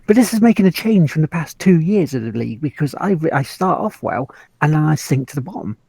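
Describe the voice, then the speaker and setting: A man from England, co-hosting a gaming podcast in relaxed, casual chat with dry humor. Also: a little high, brisk, gravelly, breathy edge, no echo. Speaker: podcast co-host.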